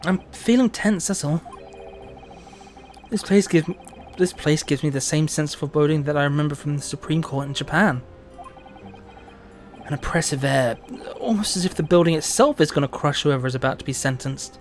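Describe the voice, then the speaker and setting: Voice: medium pitch, normal speed, pauses often, faint music behind, natural voice. A streamer reading the lines of a tense young male lawyer in a game, in an earnest, brooding tone.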